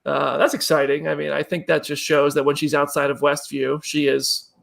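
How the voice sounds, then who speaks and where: A man's voice: on the high side, flat delivery, normal speed, gravelly, a bit bright. A man hosting a casual live chat show, chatting loosely and passing questions to his co-hosts. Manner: chatty, reads viewer comments, throws questions to co-hosts. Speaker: podcast host.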